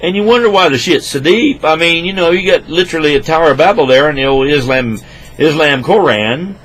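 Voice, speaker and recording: A man ranting crudely into a computer microphone at his home desk, rambling and swinging between loud outbursts and low mutters. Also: animated, a little fast, poor audio. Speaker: vlogger. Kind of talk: rambling profane rant to camera.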